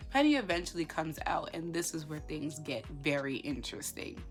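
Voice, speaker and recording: A woman giving casual commentary, talking in an animated way with lots of rhetorical questions and fillers. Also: low voice, moderate pace, soft background music.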